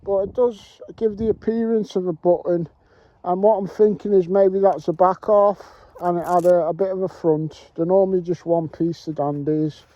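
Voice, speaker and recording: Bloke, high voice, rambling jokey chat to viewers out in a field. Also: male voice, steady tone, moderate pace, warm tone, no echo, muffled recording. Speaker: vlogger and metal detectorist. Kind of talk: casual chat to camera. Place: outdoors in farm fields.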